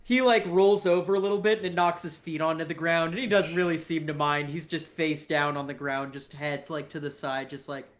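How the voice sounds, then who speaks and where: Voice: medium pitch, fairly even intonation, a little fast, few pauses. A game master casually narrating a tabletop game, hesitant and full of fillers.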